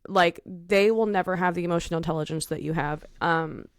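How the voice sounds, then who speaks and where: A woman's voice: on the low side, fairly quick, clear, resonant tone, no echo, studio quality. A young woman co-hosting a podcast, chatting casually in a frank, emphatic way. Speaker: podcast co-host. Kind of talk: casual chat.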